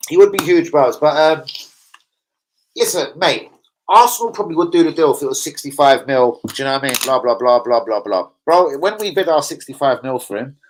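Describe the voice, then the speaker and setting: A man with a slightly high voice hosts a football fan channel, chatting casually on a livestream. He's animated and profane, loaded with slang, and the audio quality is poor.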